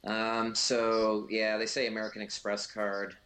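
A man's voice: on the low side, monotone, unhurried, sharp tone. A man giving casual, rambling film commentary as co-host, full of fillers and restarts.

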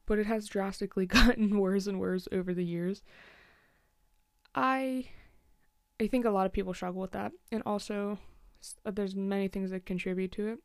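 A woman's voice: mid-range voice, smooth, no room sound, studio quality. A woman in her twenties hosting her own podcast, rambling in a casual chatty way with many fillers and frequent small laughs. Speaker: podcast host. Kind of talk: casual solo podcast chat.

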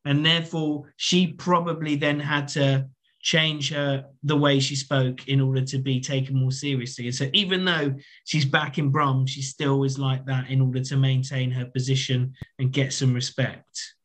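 A man's voice: medium pitch, level tone, moderate pace, a bit bright. A man co-hosting a casual podcast, building analytical explanations of characters and themes. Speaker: podcast co-host. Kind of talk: casual TV discussion.

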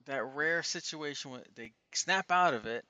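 A woman's voice: low voice, lively intonation, normal speed, pushed and bright, no echo. A woman in casual chat, chiming in with short blunt questions.

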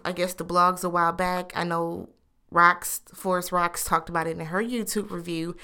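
Animated woman with a smooth voice. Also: fairly low pitch. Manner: animated, laughing, incredulous asides. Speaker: reality TV recap host. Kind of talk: casual chat.

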